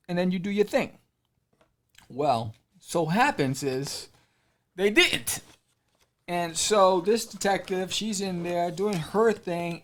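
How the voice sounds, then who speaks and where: A man hosting a casual podcast, retelling a comic's story in a playful, animated way and acting out the characters' lines. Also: a little high. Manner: playful, jokes with the listener. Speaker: podcast host reviewing comics. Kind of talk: casual chat.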